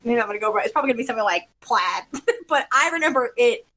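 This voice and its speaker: A woman chatting casually, telling a lively story, acting out what people said and laughing often. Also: fairly high pitch, quick pace. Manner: animated storyteller who acts out quotes and laughs often. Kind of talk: casual chat.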